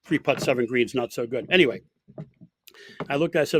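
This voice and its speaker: A man's voice: fairly high pitch, lively intonation, brisk, breathy edge, dry recording. A man who coaches college golf, telling an anecdote in an interview with many fillers and restarts. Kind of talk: storytelling in an interview.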